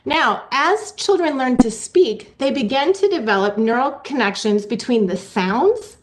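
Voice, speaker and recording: A woman giving a presentation to a virtual meeting, teaching reading skills in a clear, teacherly way and sounding out letters slowly. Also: high voice, animated, slight background noise. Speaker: literacy presenter. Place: online meeting.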